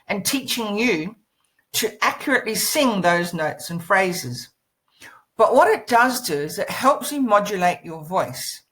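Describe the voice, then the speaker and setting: Lively, expressive woman voice coach. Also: mid-range voice, low-quality recording. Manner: expressive, demonstrates inflections and sings scales. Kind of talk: instructional lesson.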